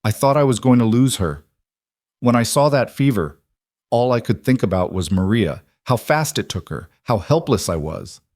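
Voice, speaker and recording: A man voicing an exhausted, grieving widowed cowboy father who speaks quietly and haltingly. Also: medium pitch, expressive, no room sound, clean studio sound, close to an everyday voice. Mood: weary.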